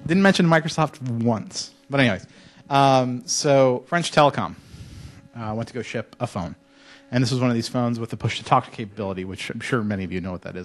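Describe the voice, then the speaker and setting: A man giving a casual, joking conference talk to students in a lecture hall, telling stories with lively asides. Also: medium pitch, fairly quick. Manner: casual, joking storyteller with mock French voices. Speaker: conference speaker.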